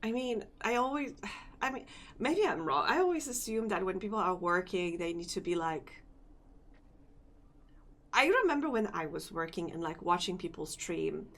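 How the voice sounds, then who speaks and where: A woman's voice: on the low side, expressive, moderate pace, a bit bright. A sleepy, yawning woman streamer chatting casually with her viewers, rambling and repeating herself as she wakes up. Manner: rambling, repeats phrases, talks to chat. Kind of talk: casual live-stream chat.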